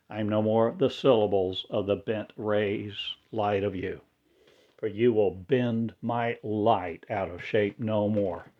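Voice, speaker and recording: A man delivering a rambling spiritual monologue in halting, oddly inverted phrasing. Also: on the low side, highs cut off.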